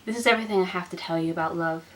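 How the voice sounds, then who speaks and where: Expressive young woman reading poems. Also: on the low side, racing, a little hiss or hum, rough recording. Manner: expressive, self-mocking. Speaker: book channel host. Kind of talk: poetry reading.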